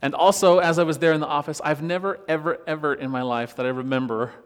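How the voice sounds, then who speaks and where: A worship pastor telling a personal story in a relaxed, conversational sermon, laughing often as he talks. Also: fairly high pitch, fast, clean tone. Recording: long reverb of a church hall.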